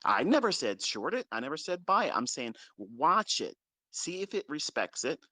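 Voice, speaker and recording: A trading mentor, a man, rants at his followers with a bluntness full of curses, hammering each point twice. His voice sits a little high and leaps widely as he scolds. The sound is close and dry, with no room around it. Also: sing-song, normal speed, sharp tone, dry recording. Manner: blunt, scolding, heavily profane; stresses points by repeating them. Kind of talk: unscripted ranting lecture to followers.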